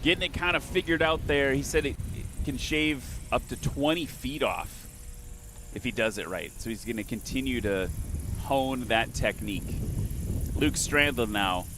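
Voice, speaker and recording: A man doing live play-by-play commentary at an outdoor flying competition, chatty and excitable, also reading sponsor spots. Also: medium pitch, moderate pace, noisy background. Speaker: event commentator.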